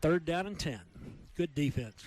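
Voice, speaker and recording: Texan guy calling high school football, kinda high voice, fast excited play calls. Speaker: play-by-play announcer.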